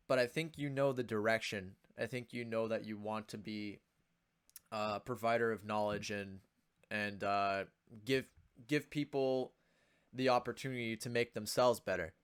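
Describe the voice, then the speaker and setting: A man in his twenties co-hosting a casual podcast, speaking thoughtfully and measuredly, with some "uh" pauses. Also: medium pitch, clean tone. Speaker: podcast co-host.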